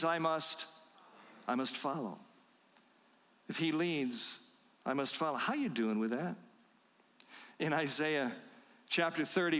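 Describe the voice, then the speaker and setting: Male pastor, sermon delivery, slightly high voice, slow emphatic rhetorical questions, reverberant hall. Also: a bit bright.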